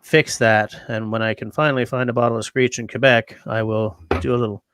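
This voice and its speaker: A man's voice: medium pitch, steady tone, fairly quick, fairly bright tone, smooth, no room sound. Guy rambling and joking on his livestream, mid voice, dry mic. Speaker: livestream host. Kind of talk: casual livestream chat.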